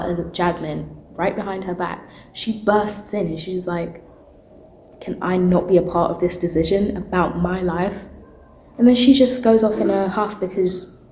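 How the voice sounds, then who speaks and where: A woman's voice: lowish voice, reverberant, slight background noise, low-quality recording. A young woman and drama student, chatting animatedly in a casual vlog. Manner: chatty and animated, with asides and laughs.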